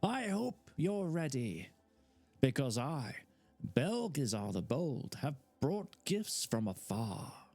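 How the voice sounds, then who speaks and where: A man voicing a lanky, cheerful merchant with a scratchy, booming showman's voice. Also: sing-song, slow, darkish tone, soft background music, exaggerated voice. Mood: showy.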